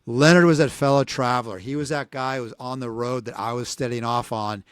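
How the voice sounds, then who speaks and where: A man in his sixties, a podcast co-host telling a long story casually, rambling and animated, acting out what people said. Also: mid-range voice, fairly quick, clear, resonant tone, dry recording, clean studio sound. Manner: rambling, animated, acts out quoted voices.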